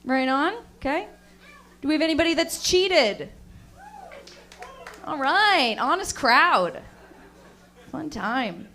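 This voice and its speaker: High-voiced woman doing deadpan stand-up. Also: slow, long pauses. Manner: dry, deadpan asides to the crowd. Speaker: stand-up comedian. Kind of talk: stand-up set.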